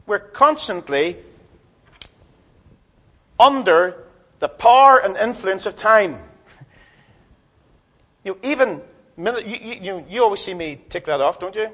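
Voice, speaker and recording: A man preaching a sermon in a church, swinging from loud emphatic lines to soft, low ones. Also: expressive, a little slow, pauses often, slightly rough.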